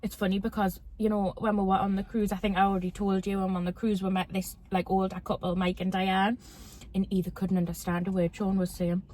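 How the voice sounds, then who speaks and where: A woman's voice: medium pitch, flat delivery, fairly quick, darkish tone, a little hiss or hum. A young woman with a broad Geordie accent chats casually with her mother, laughing often. She talks in a loose, unguarded way and swears freely. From Newcastle, England. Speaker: vlogger. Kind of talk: casual chat.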